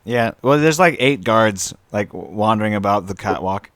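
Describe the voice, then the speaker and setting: A man's voice: on the low side, expressive, fairly bright tone, no room sound. Man running a tabletop game, dry sound. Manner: explains rules with halting restarts. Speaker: game master.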